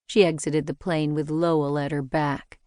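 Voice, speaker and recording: A woman narrating a mystery novel in a measured, even storytelling delivery. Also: sits low, no room sound, clean studio sound. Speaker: audiobook narrator. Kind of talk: scripted narration.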